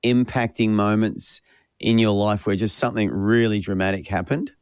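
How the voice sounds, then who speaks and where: A man's voice: lowish voice, normal speed, a little mellow, clean tone, no echo. A man hosting a talk show, encouraging his guest as he asks questions. The recording is dry and close. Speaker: host. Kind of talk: interview questions.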